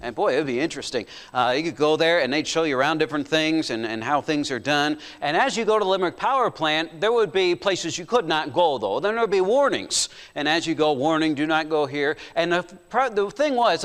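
Male preacher, high voice, storytelling sermon with slow scripture reading, long hall reverb. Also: expressive, a bit bright. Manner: storytelling, asks the congregation questions.

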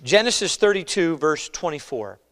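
Conversational pastor with a higher voice. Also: male voice, animated, normal speed. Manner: conversational, asks "all right?" often, swings from loud to quiet. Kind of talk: sermon. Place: church.

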